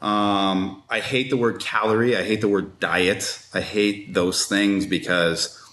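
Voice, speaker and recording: A man's voice: lowish voice, fairly even intonation, slow pace, a bit bright. A man, a strength and conditioning coach and podcast guest, explaining his views in casual conversation, emphatic and full of restarts and rhetorical questions. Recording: roomy echo.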